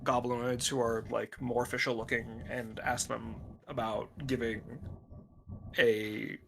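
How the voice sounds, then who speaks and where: Gravelly-voiced man at the game table. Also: mid-range voice, level tone, fairly bright tone, a little hiss or hum. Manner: quick, casual, describing actions. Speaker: player.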